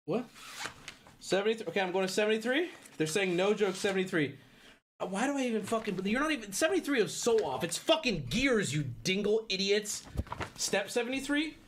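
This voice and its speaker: A man hosting a livestream, talking straight to his chat in a casual, animated way and swearing freely. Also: high voice, fairly quick, slight background noise. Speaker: livestream host.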